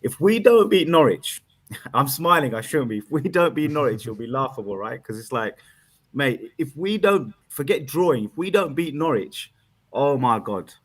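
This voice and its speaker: Brief: excitable male caller, laughs easily, rambles with repeats. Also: medium pitch, normal speed, slightly rough. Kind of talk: casual fan chat.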